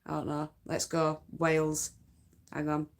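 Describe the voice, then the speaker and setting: A woman with a Yorkshire accent, chatting in a loose, rambling way on a late-night livestream from home. Her voice sits a little low, and she takes her time with each thought. Dialect forms slip into her everyday talk. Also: monotone, measured pace. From North Yorkshire, England. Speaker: craft livestream host. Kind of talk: casual late-night live chat.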